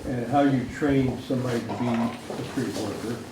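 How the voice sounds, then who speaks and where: A man's voice: medium pitch, normal speed. A man in the audience asking a question hesitantly, with ums and restarts, heard from far off in a room. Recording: distant voice in a noisy, echoey room.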